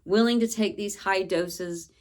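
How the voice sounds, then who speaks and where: A woman vlogger recounting a personal experience in an earnest, searching way, with slow phrasing and many pauses. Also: medium pitch.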